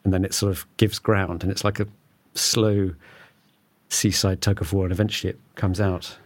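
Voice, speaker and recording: A man's voice: sits low, flat delivery, moderate pace, dry recording. A man hosting a studio podcast in casual chat, jokey and rambling, often restarting sentences. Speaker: podcast host.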